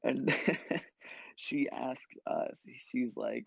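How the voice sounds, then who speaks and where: A man's voice: mid-range voice, drawn-out words, vocal fry, a bit bright, slightly rough, no room sound. A young man and podcast co-host telling a long casual story, full of filler words and acted-out quotes. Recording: dull lo-fi podcast mic.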